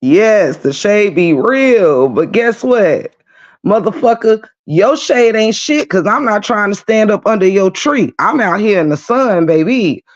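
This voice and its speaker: A woman's voice: medium pitch, animated, measured pace. A woman hosts a casual live stream, venting bluntly and with plenty of profanity. Her voice sits in a middle range. The audio is slightly dull and lo-fi. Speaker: livestream host.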